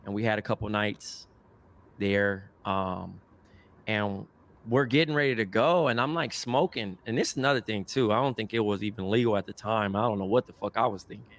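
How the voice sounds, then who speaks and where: A man's voice: on the low side, brisk, slight background noise. A young adult man co-hosting a podcast, telling a story in a casual, slangy, profane way and acting out other people's voices. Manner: animated, slangy and profane, acts out quoted voices. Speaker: podcast co-host.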